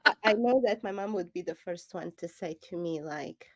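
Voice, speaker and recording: A woman's voice: on the low side, normal speed, no echo, studio quality. Laughing woman telling a story. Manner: animated storyteller, laughs often, acts out quotes. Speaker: podcast co-host. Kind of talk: casual chat storytelling.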